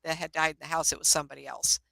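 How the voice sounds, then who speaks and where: An older woman doing psychic readings in a relaxed, chatty way, motherly and calling people honey. Her voice is gravelly with a bright, sharp edge. The sound is close and dry. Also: sits low, very fast, no echo, poor audio. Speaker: psychic medium. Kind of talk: casual live-stream reading.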